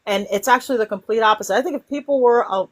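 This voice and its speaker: A woman hosting a casual spiritual chat, talking in an animated way and acting out inner voices. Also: a little high, racing. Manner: animated, acts out inner voices with sighs and cries. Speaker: host.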